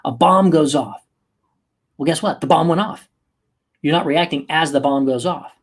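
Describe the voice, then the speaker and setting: A man hosting a motivational podcast as a coach, talking emphatically and moving from slow, soft passages to quick bursts. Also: fairly high pitch. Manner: emphatic, acts out angry outbursts.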